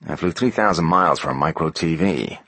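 A man voicing a cocky, brash middle-aged American businessman in a storybook reading, with an American accent and a loud, pushy manner. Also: very deep voice, brisk, slightly rough, heavily acted.

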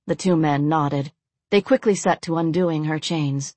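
Telling a dark tale, this woman keeps a measured pace and an even, steady delivery in a fairly low register. Her voice is captured close and dry, without any echo or surrounding room.

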